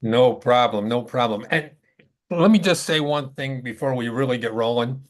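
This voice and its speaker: A man's voice: mid-range voice, moderate pace. An older man with a heavy Chicago accent, a retired detective and podcast guest, telling stories in casual chat and poking fun at himself. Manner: self-mocking, storytelling.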